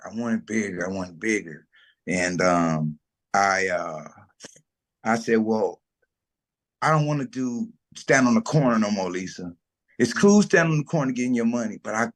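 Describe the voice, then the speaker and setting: Animated storytelling man, slangy and lively. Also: lowish voice. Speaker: food truck owner, guest. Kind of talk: casual storytelling interview.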